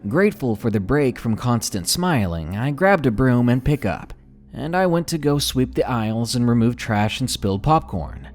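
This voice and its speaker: A man narrating true scary stories in scripted, expressive storytelling. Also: mid-range voice, normal speed, soft background music.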